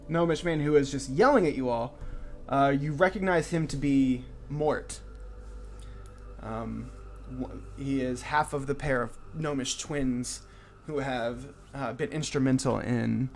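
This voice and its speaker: A man narrating a tabletop game as game master, relaxed with frequent fillers. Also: mid-range voice.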